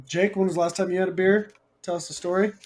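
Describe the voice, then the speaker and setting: A man's voice: high voice, fairly even intonation, quick pace, a little mellow. A man co-hosting a podcast, teasing the others and joking in casual chat. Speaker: podcast co-host.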